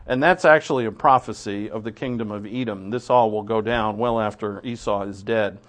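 A man's voice: on the low side, normal speed. A man preaching, reading scripture aloud and commenting on it in a conversational way with restarts and asides. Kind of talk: verse-by-verse Bible teaching.

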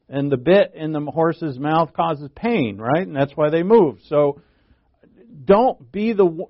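A man preaching a sermon, earnest and halting, restarting phrases and pushing his voice up for emphasis. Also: on the high side, dull audio. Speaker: pastor.

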